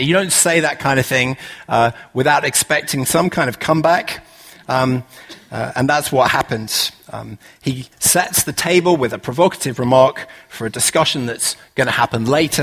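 In a relaxed, conversational sermon, a man preaches with frequent "uh" fillers and plenty of rhetorical questions. His voice is mid-range with a breathy edge.

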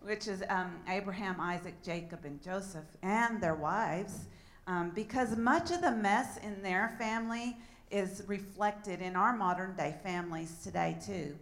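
A woman pastor preaching and reading a Bible passage aloud, relaxed and laughing at her own slips. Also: medium pitch, a little slow.

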